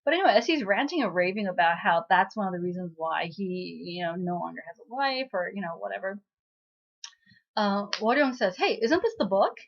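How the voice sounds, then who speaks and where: A woman chats her way through a drama recap, laughing often and tossing in "um" and "right?" as she goes. Her pitch is mid-range, and the audio is slightly dull and lo-fi. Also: a little fast, vocal fry. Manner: chatty, laughing, many "um"s and "right?"s. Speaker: recap vlogger. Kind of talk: casual retelling of a drama episode.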